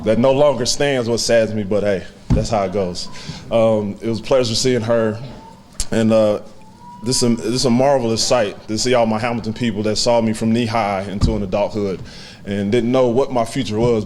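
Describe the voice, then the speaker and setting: A man in his twenties giving a heartfelt, halting acceptance speech to a banquet audience, with many fillers. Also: fairly low pitch, steady tone, darkish tone, slight background noise. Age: 20s. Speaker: hall of fame inductee giving a speech.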